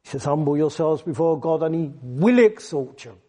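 Guy preaching in a church, mellow and a bit high, pleads and gets fired up. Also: moderate pace. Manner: fervent, rising to excited emphasis, pleading questions. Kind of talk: sermon. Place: church building.

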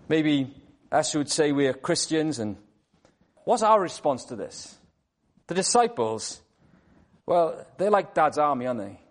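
A man preaching a sermon in church, telling the story dramatically and swinging from hushed to loud. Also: high-pitched.

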